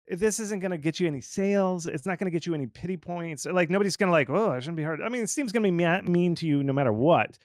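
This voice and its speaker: A man who is a game marketing consultant, giving casual, animated advice full of "like" fillers. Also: high voice, fast, hardly any pauses, dry recording, studio quality. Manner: animated and informal, lots of fillers like "like". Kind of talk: conversational expert commentary.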